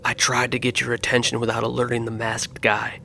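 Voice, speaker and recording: A man voicing a small, nervous old male neighbor who talks in a hurried, anxious way. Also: mid-range voice, completely flat delivery, vocal fry, sharp tone, a little hiss or hum. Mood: urgent.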